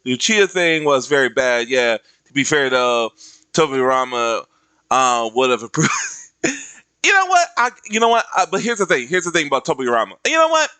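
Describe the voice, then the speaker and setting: A man streamer ranting casually, slangy and animated, dropping into other voices to act out quotes. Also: mid-range voice, normal speed, clean tone, no room sound. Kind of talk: casual rant.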